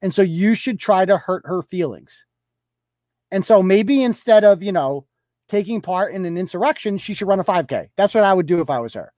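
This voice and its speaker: A man's voice: high-pitched, lively intonation, moderate pace, darkish tone, no room sound, clean studio sound. A man hosting a live commentary show, talking in a sarcastic, profane, mocking way. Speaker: host.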